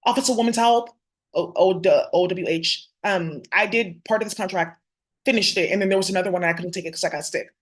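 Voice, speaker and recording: A woman's voice: lowish voice, fast talker. A woman vlogging straight to camera in a heated, profane, confrontational rant.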